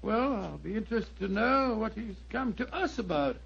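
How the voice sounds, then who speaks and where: An actor playing a bluff, hearty doctor companion in a vintage radio drama, fussy and exclaiming. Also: male voice, high-pitched, lively intonation, normal speed, gravelly, a bit bright, slightly rough, full character voice. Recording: dull lo-fi old radio recording.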